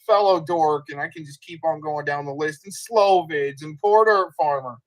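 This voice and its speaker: A man's voice: fairly high pitch, moderate pace, fairly bright tone, low-quality recording. A man hosting a livestream, ranting in profane, combative commentary over clips he plays. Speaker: livestream host.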